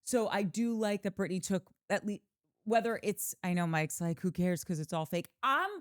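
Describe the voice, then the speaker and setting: A woman's voice: mid-range voice, dry recording, studio quality. A woman co-hosting a podcast, recapping a reality show scene with wry, giggly asides. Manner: wry, giggly, quick to laugh. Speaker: podcast co-host. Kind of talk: casual reality-TV recap chat.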